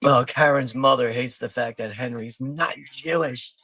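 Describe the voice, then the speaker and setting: A Philadelphia man hosts a live movie watch party, rambling, swearing, and laughing often as he gives casual commentary. His voice is medium-pitched with a sharp tone, and he speaks a little slowly on a dry recording.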